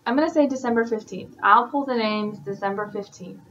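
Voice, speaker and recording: A woman's voice: on the high side, a little fast, fairly bright tone, highs cut off, slight background noise. A woman, an independent sales consultant, giving her team a casual, encouraging update with lots of fillers. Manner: chatty, encouraging, many fillers.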